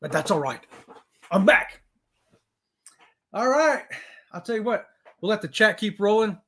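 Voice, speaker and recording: Brief: upbeat male stream host reading chat aloud, high voice, whooping greetings. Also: lively intonation, unhurried, a bit bright.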